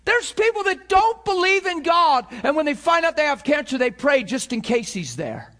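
A male pastor delivers a sermon in a strikingly high voice. He rises to shouted cries, then drops to quiet, intimate passages. He often repeats words and restarts his sentences as he goes. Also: big pitch swings, moderate pace. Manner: preaching with swings from shouts to hushed tones.

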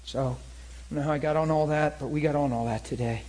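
A man preaching to a crowd at a church meeting, telling a story in an animated way and acting out the voices in it. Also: a little high, a little fast, low-quality recording. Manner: animated, laughing, acts out voices in his story. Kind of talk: storytelling sermon.

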